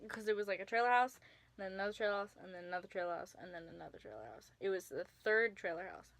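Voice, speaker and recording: Talking very fast in a steady, mid-range voice, a young woman vlogs to camera about a personal story. She's chatty, leans on plenty of filler words, and suddenly whispers to emphasize points.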